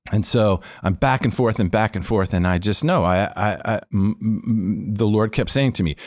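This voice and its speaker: A man's voice: on the low side, a little slow, no room sound, studio quality. A middle-aged man, a former police officer, telling a story of faith as a podcast guest and acting out the voices in it. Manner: animated storyteller, acts out quoted voices. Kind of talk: storytelling testimony.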